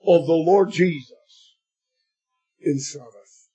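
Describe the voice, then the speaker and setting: A man preaching a sermon, slow and emphatic, addressing his listeners as beloved and swelling to shouts at the climaxes. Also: fairly high pitch, slightly rough, soft background music, rough recording.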